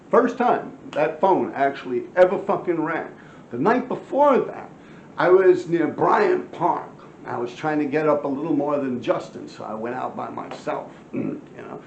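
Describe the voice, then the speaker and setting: Gravelly New man telling street stories. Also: a little high, a little hiss or hum. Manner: animated, profane street storytelling. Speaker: former graffiti writer telling stories. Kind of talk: casual storytelling to camera. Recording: echoey room, slightly dull sound.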